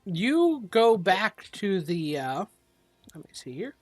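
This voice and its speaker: A man's voice: sits high, big pitch swings, slow pace, no room sound. A man narrating as game master in an online tabletop game, often trailing off with fillers. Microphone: online voice call.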